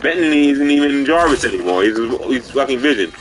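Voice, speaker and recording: A man's voice: mid-range voice, animated, a little fast, soft background music. A man streaming a video game live, giving profane, rambling commentary as he plays.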